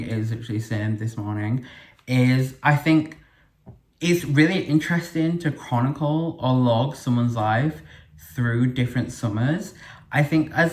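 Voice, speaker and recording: A young man from the UK hosting a casual solo podcast from his living room, chatty and rambling, full of fillers and self-corrections. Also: medium pitch. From United Kingdom. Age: young adult. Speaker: podcast host. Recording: echoey room.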